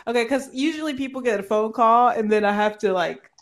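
A woman's voice: a little high, fairly quick. A young woman from Oakland hosts a podcast in a loose, casual chat. She is playful and laughs often. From Oakland, California. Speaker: podcast host.

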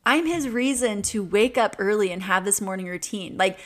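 A woman's voice: medium pitch, normal speed. Earnest chatty woman in her twenties. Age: 20s. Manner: earnest, chatty, laughs often, many "like" fillers. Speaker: podcast host. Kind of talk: casual reflective monologue.

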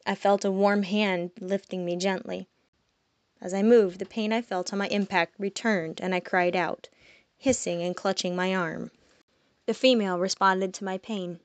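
A woman reading a fantasy story aloud in the first person, her voice soft and sinking quieter at reflective moments. Her pitch sits in an ordinary middle range. The sound is close and dry, with no room echo. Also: fairly even intonation, moderate pace. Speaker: audiobook narrator.

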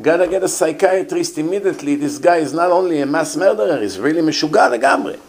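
A man voicing an indignant rabbi who scoffs in rapid, exasperated bursts. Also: fairly high pitch, darkish tone, natural voice. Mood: scoffing. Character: incredulous indignant older male rabbi.

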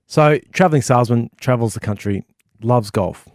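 A man with an Australian accent co-hosting a gaming podcast, telling a joke in a lively, hyped-up way. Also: medium pitch, moderate pace, no room sound, clean studio sound. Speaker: podcast co-host. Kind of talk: casual chat, joke telling.

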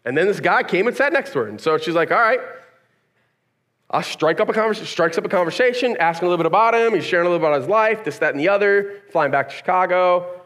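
A man's voice: sits high, animated, quick pace, a bit bright. A male pastor preaching a sermon in a casual, conversational way, firing rhetorical questions at the congregation and acting out bits of dialogue as he tells stories. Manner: conversational, acts out quoted dialogue; casual slang, storytelling.

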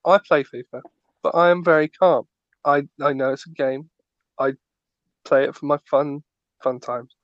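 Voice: mid-range voice, normal speed, pauses often, no echo. A podcast co-host in casual chat, ranting with stammering restarts. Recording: dull lo-fi dry recording.

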